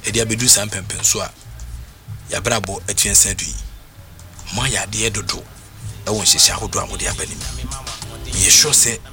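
A Ghanaian-accented man hosts a radio talk show, spinning stories in a lively, sing-song style and blending Twi with English. His voice sits lowish, his pace is normal with long pauses, and a music bed plays underneath.

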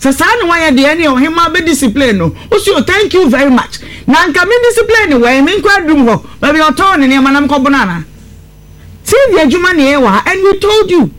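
A woman's voice: high-pitched, animated, quick pace, fairly bright tone. A woman hosting a call-in radio show, talking in a scolding, emphatic way.

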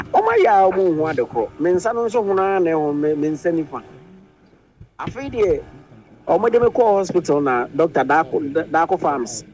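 A man's voice: a little high, a little mellow. A Ghanaian man telling a childhood story in a casual chat, quoting the dialogue. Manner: recounts a childhood memory with quoted dialogue. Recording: faint music underneath.

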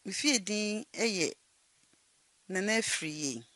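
A woman from Ghana answering radio interview questions in a measured way, mixing in English words. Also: medium pitch, lively intonation, a bit bright, a little hiss or hum. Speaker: interview guest, non-profit worker.

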